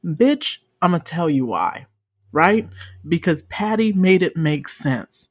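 A young woman co-hosting a casual podcast chat, emphatic and profane, often swinging into high, excited exclamations. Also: takes it slowly, no room sound, studio quality. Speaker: podcast co-host.

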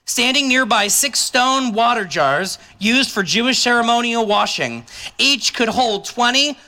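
A man's voice: very high voice, expressive, a little slow, bright, forceful tone. A man preaching a sermon as a pastor, talking conversationally and dropping joking asides to the congregation.

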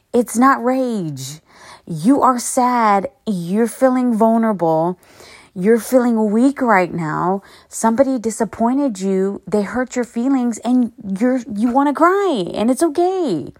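A woman's voice: on the high side, expressive, slow, no room sound, studio quality. A woman hosting her own podcast, talking in a blunt, profane, rambling way. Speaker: podcast host. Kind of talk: casual solo podcast monologue.

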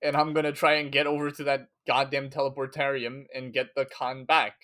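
Man, casual podcast co-host, rambling story recap, medium pitch. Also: level tone, fairly quick, a bit bright. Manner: rambling, lots of fillers and acted quotes.

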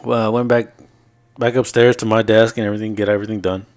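This podcast co-host has a lowish voice and a quick pace. He chats casually and with plenty of swearing, relaying lengthy tales from his week, voicing the other people involved and breaking into laughter as he goes.

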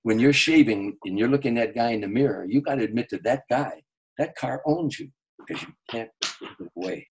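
An older man quoting a famous male singer in slow, measured sentences. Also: medium pitch, natural voice. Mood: earnest.

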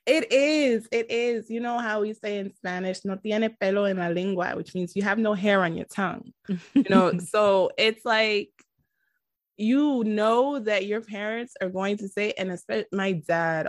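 An animated woman talks through a TV episode in casual chat, her voice sitting in the middle of a woman's range. She laughs easily and retells scenes with enthusiasm. The recording is close and dry, with no room sound. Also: medium pitch, dry recording. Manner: animated, laughing, acts out quotes from the show. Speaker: podcast co-host reviewing a TV episode.

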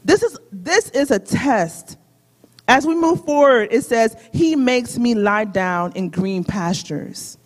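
A preacher delivering a sermon in a church sanctuary, speaking to in-person and online listeners and often asking the congregation to repeat lines back in call-and-response. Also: mid-range voice. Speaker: guest preacher. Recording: long hall reverb of a sanctuary.

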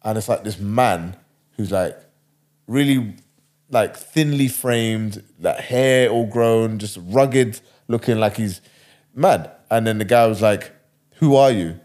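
A man's voice: on the low side, takes it slowly, darkish tone. A man casually retelling a wild story, rambling and slangy.

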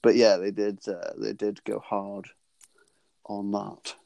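Low-voiced man telling rambling, jokey stories. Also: level tone, slow, creaky, dark tone, no room sound. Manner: rambling, jokey storytelling with frequent laughs. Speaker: podcast co-host. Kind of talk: casual chat.

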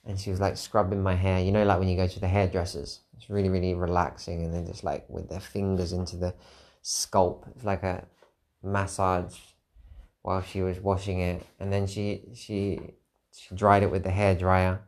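His voice sits low with a level, darkish tone and a moderate pace. Alone on his podcast, the weary host reflects openly in a wandering monologue, repeating phrases to drive points home.

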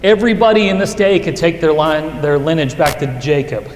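In an echoey hall with long reverb and a touch of background noise, a man preaches in an earnest, conversational way. He speaks briskly in a fairly high voice and often restarts his sentences.

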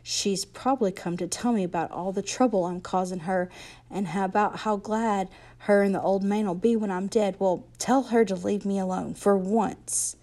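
A woman reading aloud, voicing an injured, frightened teenage boy who talks in halting slang. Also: mid-range voice, fairly even intonation, gravelly, warm tone, natural voice. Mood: bitter. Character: scared injured teenage boy, bitter and gentle.

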